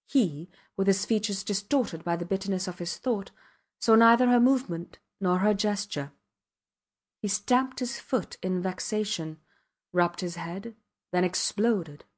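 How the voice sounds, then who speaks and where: A woman's voice: medium pitch, measured pace. Woman reading a classic novel aloud. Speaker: audiobook narrator. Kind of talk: scripted narration.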